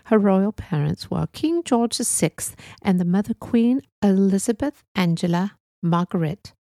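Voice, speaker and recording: A woman's voice: mid-range voice, lively intonation, dark tone, no room sound, clean studio sound. A woman putting on a stately British announcer. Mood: formal solemn. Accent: put-on British. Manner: formal, measured, stately. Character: formal British female announcer, solemn and proper. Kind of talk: mock news announcement.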